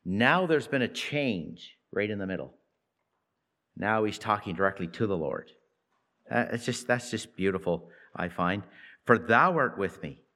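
Slow, low-voiced man teaching a psalm. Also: expressive, fairly bright tone. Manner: slow and reflective, many halting repeats; reads scripture with lifted emphasis. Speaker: preacher. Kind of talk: devotional Bible teaching.

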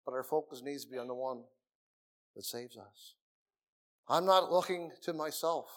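A middle-aged man preaching a sermon in a meeting room, earnest, dropping to soft murmurs and rising again for emphasis. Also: medium pitch, normal speed.

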